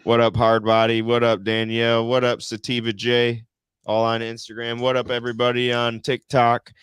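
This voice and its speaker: Smooth-voiced man shouting out viewers. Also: mid-range voice, completely flat delivery, normal speed, no room sound. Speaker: co-host. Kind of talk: casual chat.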